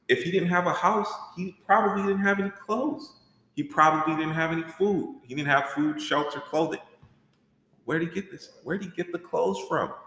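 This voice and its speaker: A man teaching a church workshop in an animated, conversational way, asking rhetorical questions. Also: mid-range voice. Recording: echoey hall with long reverb.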